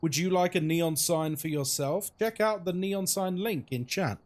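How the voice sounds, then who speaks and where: A man's voice: high-pitched, moderate pace, a little mellow, no echo. A young man streaming a ghost-hunting game live, chatting casually with his chat while he plays and reacting to what happens in the game.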